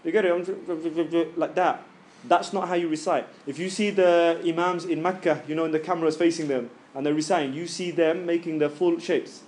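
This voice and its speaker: Guy teaching recitation class, kinda high voice, chatty, keeps saying yeah?. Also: steady tone, fairly quick, a little mellow. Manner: demonstrates sounds by voicing them aloud. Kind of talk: informal classroom lesson.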